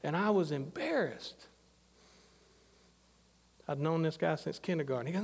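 A man's voice: a little high, animated, normal speed, husky, big-room sound. A middle-aged man preaching a sermon, talking in a conversational, anecdotal way full of asides. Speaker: pastor.

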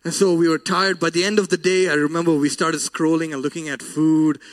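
A man's voice: fairly high pitch, little pitch movement, fairly quick. A man preaching a sermon and telling a personal story, earnest and emotional, his voice often breaking.

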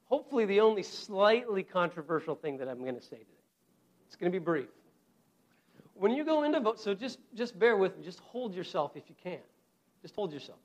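A male preacher with a notably high voice gives a sermon, addressing the congregation directly in an earnest, conversational way. He emphasizes key phrases by repeating them slowly.

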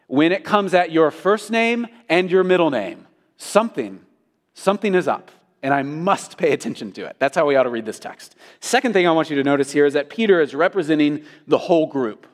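Man preaching in a reverberant hall. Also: a little high. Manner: earnest preaching, repeats words when restarting. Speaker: pastor. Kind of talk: sermon.

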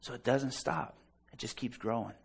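A man's voice: mid-range voice, normal speed, creaky, breathy edge. A man preaching a sermon, delivering it fervently and emphatically with personal stories. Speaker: pastor.

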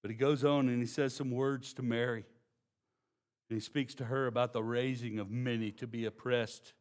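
This sermon comes from a pastor with a Texan accent and medium pitch, who lowers to a slow hush for emphasis and then builds to loud, excited storytelling.

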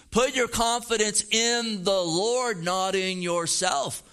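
A man's voice: high-pitched, lively intonation, slow pace, pushed and bright. A middle-aged man preaching a sermon as pastor, earnest and emphatic, repeating phrases as he drives points home.

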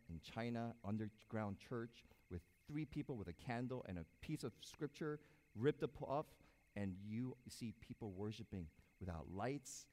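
Animated preaching man in a reverberant hall. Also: medium pitch. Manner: animated preaching, swings loud and soft, acts out quotes. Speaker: pastor. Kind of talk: sermon. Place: church sanctuary.

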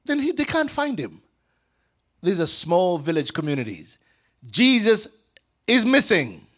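An African man, visiting as a guest preacher, tells a Bible story in a lively sermon, acting out the voices and swinging between whispers and shouts. His voice sits high and his delivery is unhurried.

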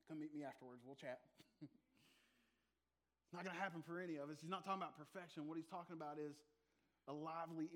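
Man preaching, slightly high voice. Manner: conversational preaching with asides and humor. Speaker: pastor. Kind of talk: sermon.

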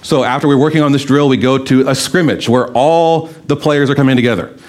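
A man's voice: medium pitch, steady tone, fairly quick, a little mellow. A man preaching a sermon in a conversational way, asking rhetorical questions and telling stories. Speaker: pastor.

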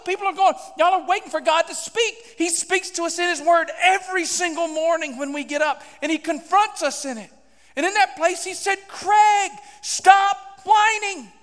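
A man, a pastor preaching a sermon and telling a story animatedly, acting out dialogue with sudden loud bursts. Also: very high-pitched, long reverb tail.

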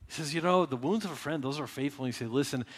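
A man's voice: a little high, very fast, breathy edge, in a large hall. A man preaching a sermon as pastor, talking in a conversational way and acting out quoted voices.

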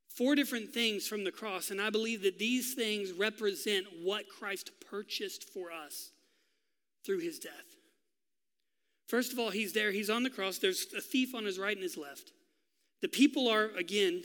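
A male pastor preaching a sermon, telling a story with drama and dropping to a hush for key lines. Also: sits high, long reverb tail. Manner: dramatic storytelling, swinging from loud to hushed.

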